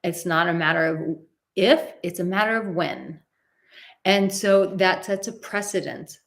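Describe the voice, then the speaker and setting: A woman in her thirties hosts a live advice stream in a slightly low voice. She talks bluntly and with animation, acting out what others said and not shy about swearing. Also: unhurried, gravelly. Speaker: relationship advice host.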